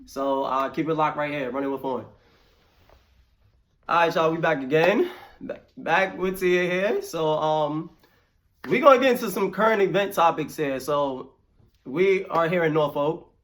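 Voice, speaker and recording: A young male host with a New York accent keeps the chat loose and slangy. His voice sits somewhat higher than most men's. He rambles easily from one topic to the next. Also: measured pace, a bit bright. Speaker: podcast host. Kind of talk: casual interview chat.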